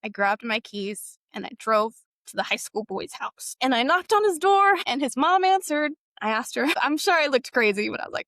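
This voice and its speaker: A young woman sharing a painful personal story, halting and emotional, with frequent fillers. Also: a little high, lively intonation, a bit bright, no echo, clean studio sound. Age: young adult.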